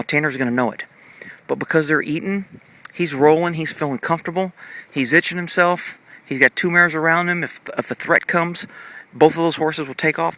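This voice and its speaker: A man's voice: a little high, pushed and bright, no room sound. A man casually commenting on his horses while filming them with a handheld camera in a muddy pasture, in a rambling, fond way full of fillers.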